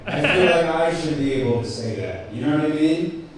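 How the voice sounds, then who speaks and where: A man's voice: a little high, expressive, moderate pace. A man doing a rambling, self-deprecating stand-up set at an open mic, with lots of ums and restarts. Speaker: stand-up comic. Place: cafe open mic, indoors. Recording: very echoey room, distant mic, faint noise.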